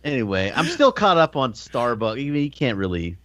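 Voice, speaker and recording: A man co-hosting a podcast in casual chat, argumentative and quick to yell. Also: mid-range voice, huge pitch swings, no echo. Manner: argumentative, prone to yelling. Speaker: podcast co-host.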